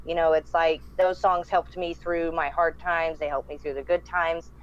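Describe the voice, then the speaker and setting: A woman musician as a podcast guest, speaking earnestly and haltingly with many fillers. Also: deep voice, flat delivery, dull audio. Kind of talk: casual chat.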